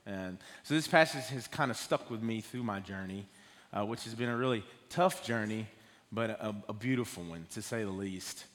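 A man giving his first personal testimony sermon in a church, talking in a halting, nervous way with many fillers and restarts. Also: on the low side, a bit bright. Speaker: guest speaker giving a testimony. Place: church sanctuary. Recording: long hall reverb.

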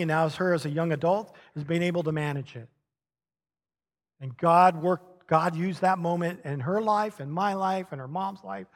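A middle-aged man delivers a sermon in a slightly higher-than-usual voice, telling stories with chuckles and lively emphasis. His words ring out in the long reverb of a large church sanctuary. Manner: animated storytelling with chuckles. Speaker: pastor.

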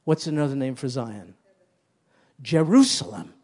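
A man's voice: medium pitch, expressive, unhurried, a little mellow, slightly rough. A man preaching a sermon as pastor, emphatic and repeating key phrases for stress.

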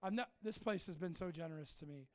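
A middle-aged man preaching a sermon to a congregation, telling folksy jokey stories and breaking into shouts. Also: high-pitched, quick pace. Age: middle-aged or older. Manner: folksy, joking, bursts into shouting. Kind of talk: sermon storytelling. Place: church in front of a congregation.

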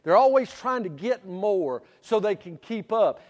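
High-voiced preacher in a hall. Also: male voice, sing-song, normal speed, hardly any pauses. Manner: swings from loud preaching to quiet storytelling. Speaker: pastor. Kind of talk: sermon. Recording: church hall reverb.

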